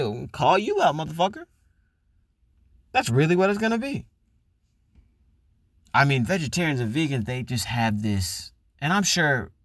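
A man's voice: medium pitch, no room sound, studio quality. A man hosting a podcast, delivering a profane, mocking comedic rant and acting out the people he mocks. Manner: loud, profane, mocking, acts out voices. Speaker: podcast host.

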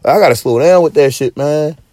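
A man's voice: on the high side, fast, mellow, dry recording, studio quality. A man hosting a podcast, ranting in casual slang with lots of swearing and stop-start restarts. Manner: profane, rambling, with frequent restarts; preachy street-slang delivery. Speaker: podcast host.

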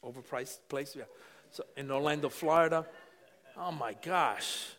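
High, bright-voiced preaching man. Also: measured pace. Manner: passionate preaching that swings from quiet asides to shouts. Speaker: pastor. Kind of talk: sermon.

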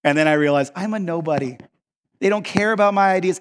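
A male pastor preaching a sermon, animated and self-mocking, acting out the people in his stories. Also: sits high, brisk. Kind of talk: sermon with comic storytelling. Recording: long reverb of a large hall.

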